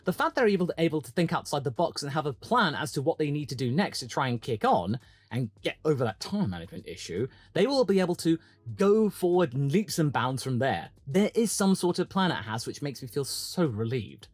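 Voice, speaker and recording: Animated, chatty motorsport commentator. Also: medium pitch, a little fast, no echo. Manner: chatty, with dramatic quoted asides. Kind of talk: opinion commentary monologue.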